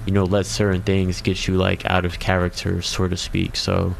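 A man's voice: low voice, completely flat delivery, moderate pace, creaky, a little hiss or hum. A laid-back man chatting on a radio talk show, hesitant and full of fillers. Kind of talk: casual talk show chat.

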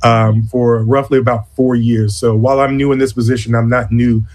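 A man of medium pitch speaks as a conference executive director in an interview. He talks deliberately and earnestly, often stopping to restart a phrase. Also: little pitch movement, darkish tone. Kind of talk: interview conversation.

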